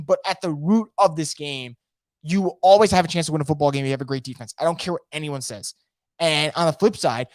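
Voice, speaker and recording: A man hosting a casual live sports podcast from home, energetic and opinionated, rambling with frequent restarts. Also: a little high, no room sound, studio quality. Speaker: podcast host. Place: home room.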